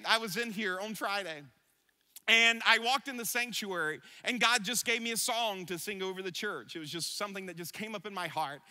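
Bright, high-voiced preacher man. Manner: storytelling, rising to emphatic exhortation. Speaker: pastor. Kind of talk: sermon.

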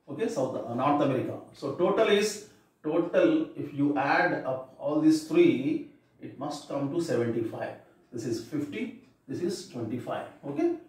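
A man's voice: a little high, warm tone. A male teacher going through exam answers methodically, spelling words out letter by letter. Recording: echoey room, voice far from mic.

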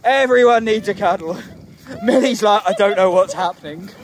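Out in the fields, a Glaswegian woman who walks dogs for a living chats through a relaxed vlog at a moderate pace, switching to sing-song baby talk in a high voice when she addresses the dogs. She's from Glasgow, Scotland; a faint crowd and a bit of hiss or hum can be heard.

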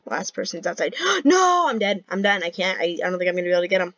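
A young woman giving casual gameplay commentary, excitable and giggly, swinging between panic and glee. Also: on the low side, fast, highs cut off.

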